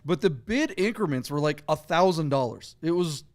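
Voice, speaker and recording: A middle-aged man co-hosting a podcast, chatty and animated in casual talk. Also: on the high side, moderate pace. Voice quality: chatty, animated, laughs easily. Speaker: podcast co-host. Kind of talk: casual chat.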